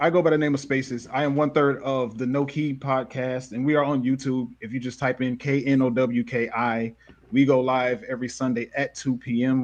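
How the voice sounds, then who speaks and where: Brief: male podcaster guest, mid-pitched, apologetic, hurried casual plug. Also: dull audio. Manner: apologetic, quick rambling plugs. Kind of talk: casual livestream chat.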